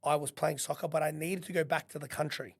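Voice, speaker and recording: An Australian man, a podcast guest, telling animated stories in casual chat, swearing freely and acting out what people said. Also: on the high side, fast talker, vocal fry, slightly rough. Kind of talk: casual storytelling.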